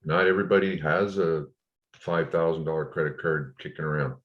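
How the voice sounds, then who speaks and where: A man telling of his ordeal in an interview, frustrated and indignant, with halting restarts. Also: very deep voice, fairly even intonation, reverberant. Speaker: interview guest. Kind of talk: recounting a personal ordeal in an interview. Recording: dull lo-fi audio.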